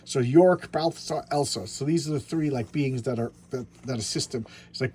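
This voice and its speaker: A man's voice: mid-range voice, normal speed, darkish tone, a little hiss or hum. A man giving casual show-and-tell commentary on a comic book. He rambles, stumbles over his words and restarts, and chuckles to himself along the way.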